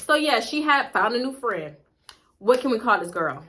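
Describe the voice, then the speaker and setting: Bright-voiced young woman telling a story. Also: on the high side, moderate pace. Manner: blunt, animated, profane, gossipy storytelling. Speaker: vlogger. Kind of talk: casual storytime.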